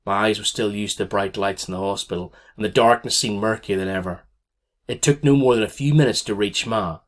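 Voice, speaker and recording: A man's voice: on the low side, a little fast. A man narrating a first-person story aloud as an audiobook reader, in a tense, dramatic way.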